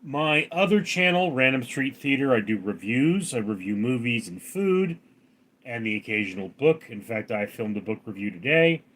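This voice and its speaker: A man from Los Angeles, California, hosts a casual late-night livestream outdoors, rambling as he reads viewer comments aloud and answers them. His mid-range voice is fairly bright, with lively intonation and a moderate pace.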